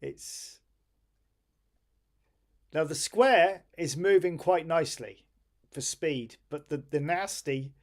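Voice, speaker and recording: A man's voice: a little high, slow, long pauses. A tired man casually thinking aloud on a live stream while he waits on an old home computer to finish a job.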